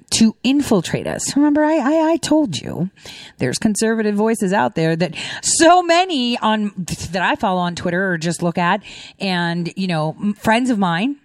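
A middle-aged woman speaks straight to her viewers in an emphatic monologue, circling back to her points again and again. Her pitch rises and falls a lot. The recording is close and dry. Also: no room sound. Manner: emphatic, repetitive, rhetorical questions. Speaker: commentator.

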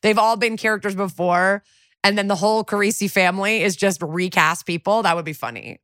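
A woman's voice: medium pitch, steady tone, a bit bright, dry recording, studio quality. A woman co-hosting a podcast, recapping a TV episode in a chatty, filler-heavy way and acting out the characters' lines. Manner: chatty, rapid recap with many fillers and voiced quotes. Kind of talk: casual chat.

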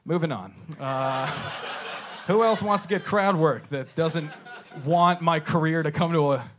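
Dude comic teasing the crowd, slow drawl, kinda high voice, faint hiss under it. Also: male voice, a bit bright. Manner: wry, teasing, self-deprecating. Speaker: stand-up comedian. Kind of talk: stand-up crowd work. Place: comedy club on stage.

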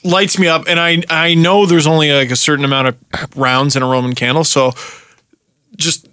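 A young man from Canada, a podcast host telling a story in casual chat, animated and swearing freely. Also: fairly high pitch, normal speed, smooth, no room sound. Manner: animated, swearing, acts out shouted quotes.

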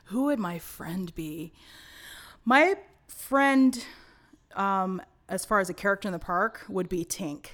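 A woman in her forties telling stories as a podcast guest, excitable and laughing often. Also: medium pitch, slow pace. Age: 40s. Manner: excitable storyteller, bursts of laughter. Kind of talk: casual podcast chat.

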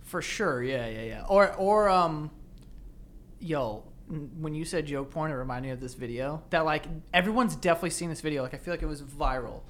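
A young man co-hosting a podcast, talking in a loose, rambling way. His voice sits a little high. He laughs easily and keeps the chat casual. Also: fairly quick, fairly bright tone. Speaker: podcast co-host.

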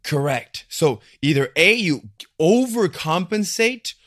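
A man in casual podcast conversation, talking in an animated way and acting out the voices he quotes. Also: fairly high pitch, slow pace, no echo, studio quality.

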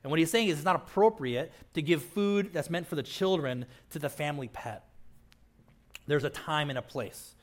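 A man's voice: on the high side, moderate pace. A man pastor giving a conversational sermon, with casual asides and frequent "right?" checks to the listeners.

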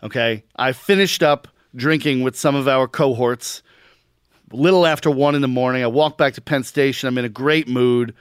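A man's voice: mid-range voice, normal speed, clean tone, no echo, studio quality. A man co-hosting a sports podcast, telling stories in a laid-back, wry way. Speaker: podcast co-host. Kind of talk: casual sports chat.

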